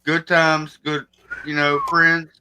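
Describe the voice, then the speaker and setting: A man's voice: on the high side, monotone, slow, pushed and bright, slight background noise. A man co-hosting a live stream chat, laid-back and swearing casually, as if on a video call.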